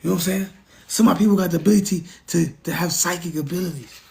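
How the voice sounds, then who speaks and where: A man's voice: sits high, fairly even intonation, fast, gravelly, mellow, slight background noise. A middle-aged man from the United States, ranting in a casual monologue, emphatic, preachy and repetitive, with frequent profanity. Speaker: vlogger.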